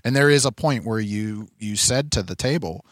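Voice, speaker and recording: A man's voice: fairly low pitch, normal speed, dry recording, clean studio sound. A man co-hosting a podcast, mostly agreeing with short replies and adding jokes in casual chat. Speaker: podcast co-host.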